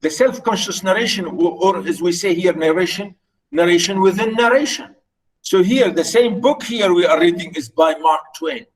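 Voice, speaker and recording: A man whose first language is Arabic lecturing on literature, explaining slowly with repeated words and many fillers. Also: high-pitched, far from the mic, poor audio. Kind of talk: recorded lecture.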